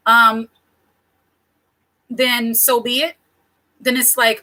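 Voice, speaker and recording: A woman's voice: high voice, fairly even intonation, takes it slowly, pauses often, bright, forceful tone. A woman in her thirties hosting her own channel, talking to camera in a candid, chatty way with small laughs and self-corrections. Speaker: channel host. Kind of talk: casual talk to camera.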